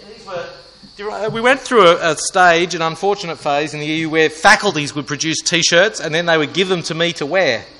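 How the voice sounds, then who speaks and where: A man's voice: a little high, normal speed, sharp tone, slight background noise, low-quality recording. Playful man talking to students. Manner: playful, self-mocking, asks the crowd questions. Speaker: student ministry speaker. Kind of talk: joking talk to a student audience.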